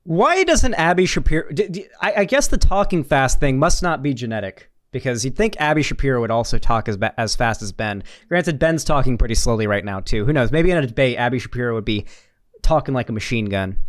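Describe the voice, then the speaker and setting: A man's voice: medium pitch, lively intonation, a little fast, no echo, studio quality. A young man hosting a political reaction video, talking in a sarcastic, rambling way with many restarts. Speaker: political commentary host. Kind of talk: reaction commentary.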